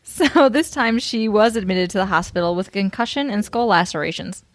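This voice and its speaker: A woman's voice: medium pitch, normal speed, no room sound. Giggly woman telling a crime story. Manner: giggly, swears casually. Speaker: podcast co-host and storyteller. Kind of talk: casual chat, reading a true-crime story.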